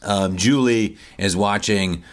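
A man's voice: on the low side, takes it slowly. A man casually recapping a TV episode, acting out lines in put-on voices and laughing often. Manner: animated storyteller, acts out quoted lines in put-on voices, swears and laughs often. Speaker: podcast host recapping a TV episode.

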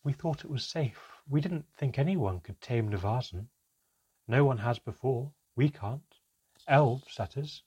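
A man voicing a solemn, reluctant elf storyteller, in a measured, halting way, in a storybook reading. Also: medium pitch, lively intonation, a little mellow, husky, lo-fi sound. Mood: defensive.

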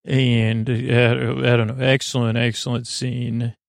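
A man hosting a podcast, giving a sleepy bedtime recap of a TV episode in a rambling, halting way with lots of fillers. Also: mid-range voice, little pitch movement, creaky, dry recording, clean studio sound. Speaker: podcast host.

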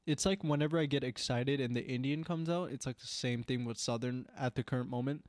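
A man's voice: medium pitch, fairly quick, no echo, clean studio sound. A man from Canada chatting casually with friends, rambling with lots of "like" and restarts. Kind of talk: casual chat.

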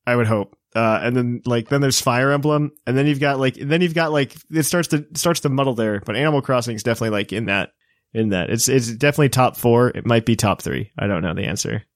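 A man's voice: medium pitch, fast talker, dry recording, clean studio sound. A man in his late twenties co-hosting a casual chat, rambling with lots of fillers and poking fun at himself. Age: 20s. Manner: rambling, filler-heavy, self-mocking.

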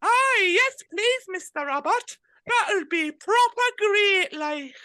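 A man putting on a cheeky young male footballer with a squeaky falsetto. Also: expressive, slow pace, pushed and bright, exaggerated voice. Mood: pleading.

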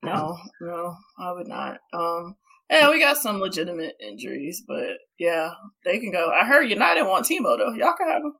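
A woman in a casual sports podcast chat, giving quick, emphatic opinions. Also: on the low side, very animated, creaky, pushed and bright, low-quality recording.

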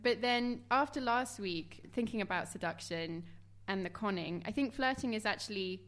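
A woman's voice: mid-range voice, moderate pace. A woman hosting a casual podcast chat, laughing often as she talks. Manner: laughs often, reacts warmly. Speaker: podcast host.

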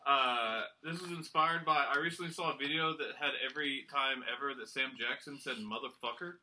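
A man's voice: medium pitch, a little fast, slight background noise. A man hosting a casual party game among friends, explaining the rules and reading movie quotes. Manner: reads quotes in a flat monotone. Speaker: game host. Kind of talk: casual podcast game chat.

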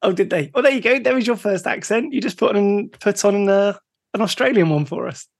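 Easygoing West Country man, higher voice. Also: brisk, creaky. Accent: West Country English. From West of England, near Bristol. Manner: easygoing, laughs often, explains topics. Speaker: podcast co-host. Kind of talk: casual podcast chat.

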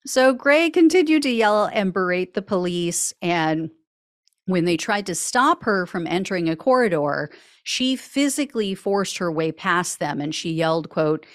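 A woman's voice: fairly low pitch, lively intonation, measured pace, dry recording. A woman hosting a news commentary podcast, recapping court cases with dry, sarcastic asides. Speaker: podcast host.

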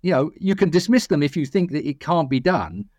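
A man's voice: a little high, big pitch swings, a little fast, darkish tone, no room sound. A middle-aged British man co-hosting a podcast, telling rambling stories and giving strong opinions. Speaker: podcast co-host. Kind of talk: casual chat.

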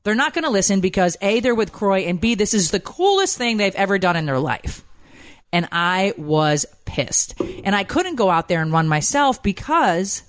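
A woman in her forties co-hosting a casual chat show, telling stories in an animated, rambling way. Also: medium pitch, normal speed. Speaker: podcast co-host.

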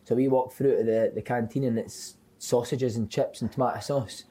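A man's voice: mid-range voice, fairly even intonation, normal speed, mellow, breathy edge. A man, a podcast host telling swearing-filled football stories with lots of laughter. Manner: swearing, laughing, says "mate" often. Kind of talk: casual chat, storytelling.

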